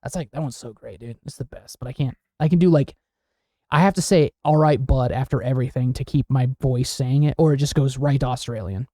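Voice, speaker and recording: A man co-hosting a casual podcast, joking around and laughing often in quick banter. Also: medium pitch, dark tone, no echo, clean studio sound. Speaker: podcast co-host. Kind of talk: casual chat.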